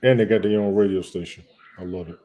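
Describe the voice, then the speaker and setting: A man's voice: sits low, fairly even intonation, quick pace, warm tone. A man co-hosting a podcast, chiming in with wry, short remarks. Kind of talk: casual podcast chat.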